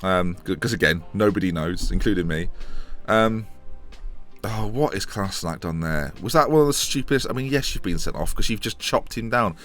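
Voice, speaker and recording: A young man with a hoarse voice from a chest infection, rambling and correcting himself as he streams a football management game and answers chat questions. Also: fairly low pitch, fairly quick, a bit bright, soft background music. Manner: chatty, rambling, restarts and self-corrections. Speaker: gaming streamer. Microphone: desk microphone.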